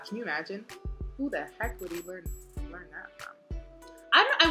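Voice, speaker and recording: A woman's voice: medium pitch, bright, forceful tone. A young woman talking casually and chattily to viewers on a live stream, with lots of fillers. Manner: chatty, bubbly, full of filler. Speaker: book reader and fan host. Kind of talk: casual chat. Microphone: phone.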